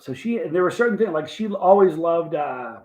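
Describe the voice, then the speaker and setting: A man's voice: fairly high pitch, expressive, normal speed, a little mellow, rough recording. A man hosting a livestream, rambling in a folksy, casual way and reading out viewer comments. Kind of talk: casual chat.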